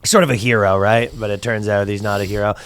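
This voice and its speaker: A man's voice: fairly low pitch, steady tone, fast, smooth, dry recording. Riffing male comedy podcaster. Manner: riffing, emphatic, laughs a lot. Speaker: podcast co-host. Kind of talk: casual comedy banter.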